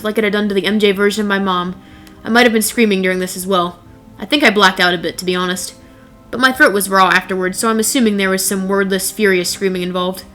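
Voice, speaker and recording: A woman's voice: medium pitch, fairly bright tone. A young woman narrating a first-person horror story in a wry, blunt, casually profane way.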